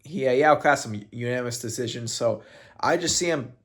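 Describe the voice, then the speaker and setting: A man's voice: mid-range voice, a little fast, fairly bright tone. A man commenting on combat sports in a casual fight breakdown, joking and laughing often.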